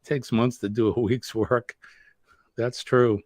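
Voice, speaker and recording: A man's voice: medium pitch, flat delivery, slow pace, a little mellow, dry recording, studio quality. Chatty New man hosting a live show. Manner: chatty, laughs often, reads chat comments aloud. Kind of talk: casual live-stream chat.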